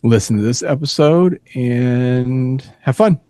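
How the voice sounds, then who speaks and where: A man's voice: medium pitch, slow pace, warm tone, no echo. A man from upstate New York co-hosting a casual podcast, making dry jokes and teasing his guests. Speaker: podcast co-host.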